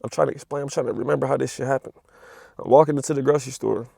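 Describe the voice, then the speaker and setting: A man's voice: mid-range voice, fairly even intonation, racing, vocal fry, warm tone, no room sound, studio quality. A young man ranting casually to camera about spiritual energy, profane and repetitive, full of street slang and "you know what I'm saying.". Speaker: spiritual vlogger.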